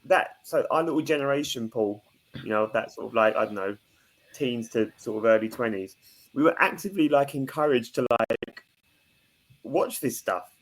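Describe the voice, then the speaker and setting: A man's voice: mid-range voice, lively intonation, normal speed. A man, a podcast co-host who reflects aloud in casual chat, stopping often with fillers. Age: 30s.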